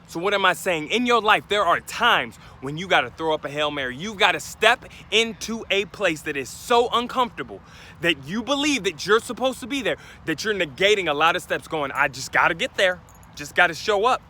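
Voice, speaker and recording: A man's voice: high-pitched, animated, a little fast, bright, forceful tone, slight background noise. A man giving an emphatic motivational talk outdoors, speaking straight to his listeners. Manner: emphatic, preachy, addresses listeners directly.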